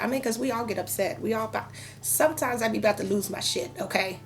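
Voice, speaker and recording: A woman's voice: on the high side, fast talker, soft background music. A woman in her thirties giving a casual tarot reading, talking frankly and chatting with lots of fillers. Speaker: tarot reader.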